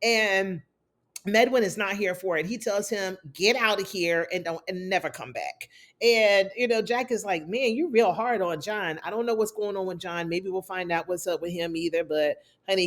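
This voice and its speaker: A woman hosting a casual TV episode recap, chatty and sassy, calling her viewers "y'all". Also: mid-range voice. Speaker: TV recap host.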